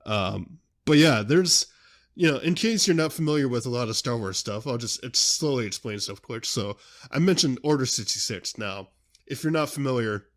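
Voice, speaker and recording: A young man rambles eagerly on his podcast, hopping between thoughts and correcting himself as he goes. His voice sits in an ordinary middle register, and his chat is loose and unscripted. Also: mid-range voice. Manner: excitable, rambling, self-interrupting. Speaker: podcast host.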